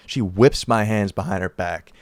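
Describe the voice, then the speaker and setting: A young man with a lowish voice tells a wild story straight into a close mic, cursing freely and hammering key lines twice. The sound is dry and dead, with no room around him. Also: moderate pace, no room sound. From United States. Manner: animated, profane and emphatic, repeating lines for effect. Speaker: vlogger. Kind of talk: casual storytelling.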